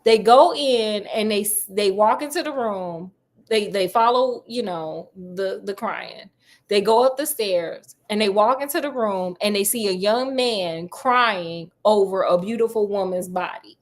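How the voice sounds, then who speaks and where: A woman's voice: mid-range voice, measured pace. A woman casually retelling a classic story in slangy, chatty speech with offhand asides.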